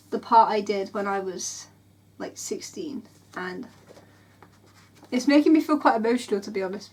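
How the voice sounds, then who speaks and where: A woman's voice: medium pitch, a little hiss or hum. A woman in her twenties, rambling and emotional in a casual vlog, tired and sore. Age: 20s. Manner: rambling, emotional, full of "like"s and restarts. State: tired and in pain. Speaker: book vlogger.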